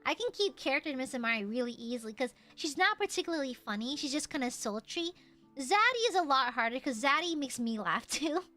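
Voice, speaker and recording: A woman's voice: high voice, very animated, fairly quick, sharp tone, faint music behind. A young adult woman with a light Southern American twang, chatting casually on a live stream and answering her chat in a playful way. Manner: playful, reads chat aloud, slips into joke voices.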